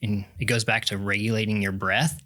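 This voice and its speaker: Male coach guest from Kansas; measured, earnest explainer with a bright, slightly low voice. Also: flat delivery. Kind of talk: casual podcast interview.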